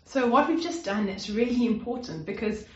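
A woman's voice: on the high side, lively intonation, moderate pace. A woman preaching a sermon in an earnest, conversational way, with fillers and restarts. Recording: roomy, slightly dull sound.

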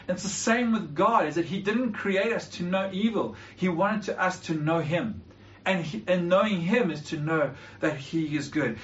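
An earnest male preacher delivers a sermon in a somewhat high voice. He reads scripture aloud and often trips over and repeats his words as he explains. The recording is dull and muffled, with a faint hiss underneath. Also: far from the mic.

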